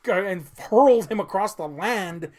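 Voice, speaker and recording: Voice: medium pitch, lively intonation, unhurried, a little mellow. A co-host ranting sarcastically about a film in a comedic review chat, swearing often, laughing, and rambling with fillers.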